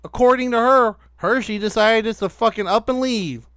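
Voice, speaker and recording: A man's voice: very high voice, normal speed, fairly bright tone, clean tone, dry recording, clean studio sound. A man hosting a podcast, reacting to clips with angry, profane ranting commentary.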